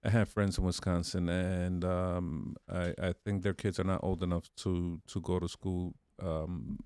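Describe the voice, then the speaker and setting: A man's voice: low-pitched, little pitch movement, measured pace, a little mellow, clear, resonant tone, no room sound. A man co-hosting a podcast in casual chat, speaking in a laid-back, hesitant way with lots of ums. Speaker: podcast co-host.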